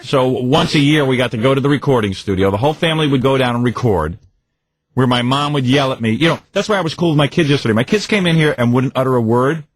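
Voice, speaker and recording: A middle-aged man hosting a radio show in casual banter, animated and mocking, acting out his parents yelling. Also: mid-range voice, fast, no room sound, studio quality. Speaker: radio host.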